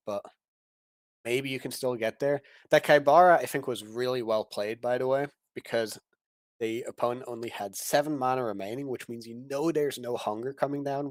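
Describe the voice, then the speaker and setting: A man's voice: mid-range voice, no echo. A man commentating an online card game tournament, explaining plays in detail and laughing often.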